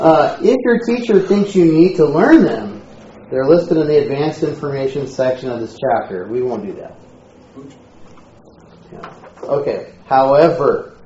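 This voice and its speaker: A man teaching a Greek class in a relaxed, joking lecture style. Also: mid-range voice. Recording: echoey room, dull lo-fi sound.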